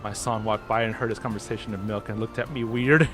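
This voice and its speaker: A man's voice: lowish voice, fairly even intonation, fast talker. A man hosting a casual game livestream, rambling with lots of restarts and easy laughs. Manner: rambling, many fillers and restarts, laughs easily. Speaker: gaming livestream host. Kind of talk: casual live-stream chat. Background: game music.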